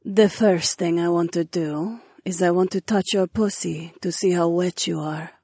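A man putting on a soft, coaxing young princess. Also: high voice, steady tone, moderate pace, slightly rough, dry recording, clean studio sound, pitched above the performer's own voice. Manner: soft, coaxing, asks permission. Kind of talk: audiobook character voice.

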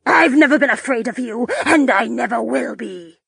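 A woman voicing a defiant bandaged stranger who speaks in a gruff, muffled, gravelly voice in an audiobook. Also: on the high side, normal speed, a bit bright, dry recording, clean studio sound, heavily acted. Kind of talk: audiobook character voice.

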